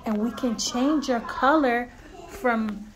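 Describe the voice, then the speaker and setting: A young woman teacher patiently calming a small child, speaking in a soothing, reassuring way in a classroom. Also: a little high, slow. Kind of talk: gentle coaching of a young child. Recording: noticeable background noise.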